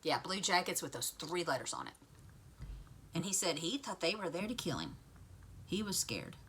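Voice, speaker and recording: A woman's voice: on the low side, moderate pace, a little hiss or hum. A woman vlogger casually retelling a TV episode to her viewers, chatty and full of asides. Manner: chatty, lively storytelling with asides.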